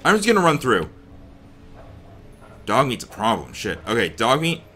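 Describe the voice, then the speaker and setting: Lively, bright-voiced young man gaming. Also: mid-range voice, moderate pace, slight background noise. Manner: talks to himself and the game characters, rambling and reactive; slips into a mock accent, drops to a hushed murmur when sneaking. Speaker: let's play gamer. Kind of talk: casual gameplay commentary.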